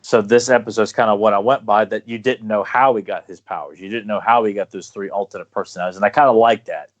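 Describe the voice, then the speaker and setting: A man's voice: on the low side, fairly even intonation. A man talking eagerly in a casual podcast chat, stopping and restarting his sentences often. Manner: enthusiastic, halting with many restarts. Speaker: podcast guest. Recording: dull lo-fi podcast audio.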